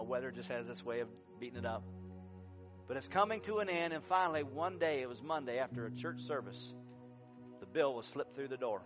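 A man preaching a sermon as pastor, telling stories with lively, dramatic changes of voice when he acts out quotes. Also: lo-fi sound. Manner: animated storytelling, acting out quotes with big pitch jumps.

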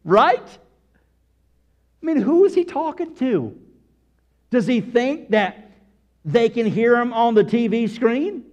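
A male preacher with a high voice that leaps all over the place, delivering a lively sermon to his congregation. He takes his time between phrases, then swings into shouted exclamations and fires rhetorical questions at the room. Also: unhurried, muffled recording. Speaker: pastor.

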